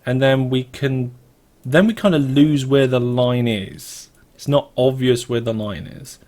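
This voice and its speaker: A man's voice: mid-range voice, measured pace, a little mellow. Chatty British man thinking aloud. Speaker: let's play host. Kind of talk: casual gameplay commentary.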